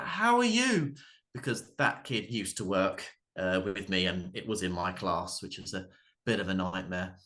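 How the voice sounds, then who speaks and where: A man in his thirties doing a stand-up set, halting and full of ums and restarts. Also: fairly low pitch, a bit bright. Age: 30s. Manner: hesitant, many ums and restarts. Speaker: stand-up comedian. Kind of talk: stand-up routine at an open mic.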